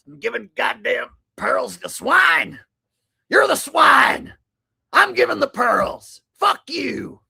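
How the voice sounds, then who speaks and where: A man's voice: very high-pitched, big pitch swings, slow, sharp tone, raised voice, voice pushed up, full character voice. A man doing a comic impression of a bellowing, crude male conspiracy talk-show host. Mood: ranting. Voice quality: gravelly, husky. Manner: bellowing, crude, manic rant.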